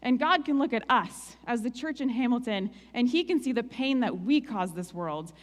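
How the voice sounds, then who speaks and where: A woman's voice: on the high side, expressive, normal speed. Woman speaker, Canadian accent, candid and heartfelt sermon storytelling, long hall echo. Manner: candid, emotional, conversational with "like" asides. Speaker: guest speaker. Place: church hall.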